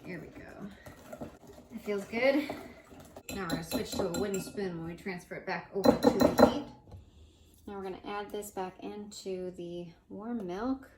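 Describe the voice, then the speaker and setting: A woman's voice: medium pitch, moderate pace. A young woman hosting a casual home baking show, walking through a recipe with playful, self-mocking asides in her kitchen. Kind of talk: casual cooking tutorial. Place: home kitchen with construction noise outside. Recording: echoey kitchen with construction noise.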